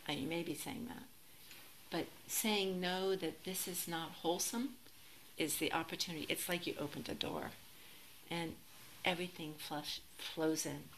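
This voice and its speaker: Brief: woman Zen teacher, lower voice, reflective dharma talk, faint hiss behind. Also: steady tone, moderate pace, rough recording. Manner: reflective, gently self-deprecating, with laughs.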